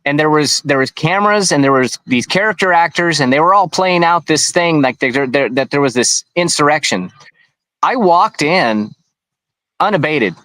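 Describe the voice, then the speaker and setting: Higher-voiced man telling his story. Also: lively intonation, moderate pace, sharp tone, dry recording, poor audio. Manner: rambling, with many restarts and asides. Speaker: interview guest. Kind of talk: conversational interview, recounting events.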